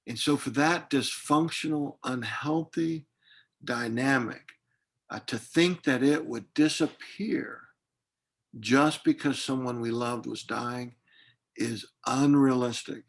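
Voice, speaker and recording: A man's voice: mid-range voice, unhurried, vocal fry, a bit bright. A man speaking as a grief counselor in an online workshop, reflective and hesitant, with frequent fillers and restarts, heard over a video call.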